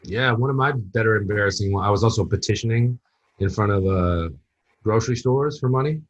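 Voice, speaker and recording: A man with a husky, lowish voice tells a loose, rambling anecdote as a podcast guest and swears casually as he goes. His sound is dull and lo-fi, with the top end missing. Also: brisk. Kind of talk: casual conversation.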